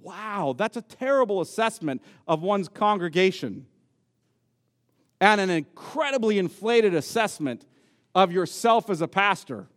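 High-voiced emphatic pastor preaching. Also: male voice, animated, unhurried, fairly bright tone. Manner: emphatic, repeats key words for stress. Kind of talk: sermon. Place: church sanctuary. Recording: long reverb of a church hall.

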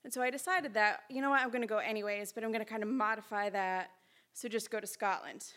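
A woman telling a personal story at a live storytelling event, chatty, lively and self-mocking, on a stage mic in a small hall. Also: mid-range voice, fast.

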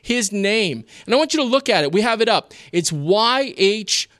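A man preaching a sermon in an expressive, teaching manner with rhetorical questions. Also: sits high, normal speed, no echo, studio quality. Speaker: pastor.

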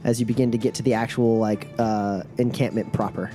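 A man narrating as game master in a tabletop game, halting with many fillers. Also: lowish voice, fairly even intonation, warm tone, soft background music.

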